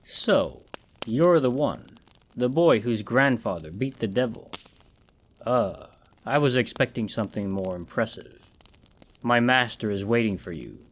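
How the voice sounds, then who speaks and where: A man voicing a sinister, suave male villain in a suit with an English accent, speaking low, slow and mocking with a dark edge. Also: animated, husky. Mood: menacing, mocking.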